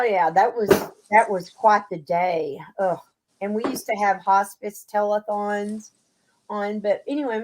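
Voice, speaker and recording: A woman's voice: mid-range voice, low-quality recording. A chatty woman from Texas with a Southern drawl, co-hosting a casual talk show and laughing often as she tells stories. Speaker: podcast co-host. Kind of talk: casual chat.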